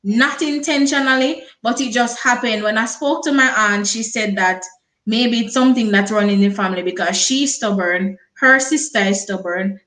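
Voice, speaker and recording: A woman co-hosting a talk show, sharing reflections in a measured, reassuring way. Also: on the high side, a bit bright. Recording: echoey room.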